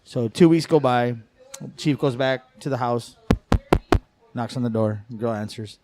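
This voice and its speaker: A male comedian telling a long dirty joke in a relaxed storytelling way, with hesitant starts. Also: mid-range voice, a little slow. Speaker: comedian guest.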